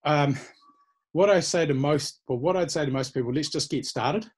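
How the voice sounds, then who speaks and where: A man's voice: a little high, normal speed, breathy edge. A man, a personal trainer from New Zealand, giving easygoing, encouraging answers in an interview. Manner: encouraging, easygoing, many fillers.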